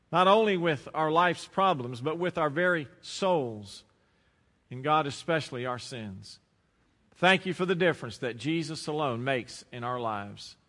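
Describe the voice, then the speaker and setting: Man, pastor, sermon, high voice, emphatic dramatic delivery, long hall reverb. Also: sharp tone. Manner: preaching with rising emphasis and dramatic pauses.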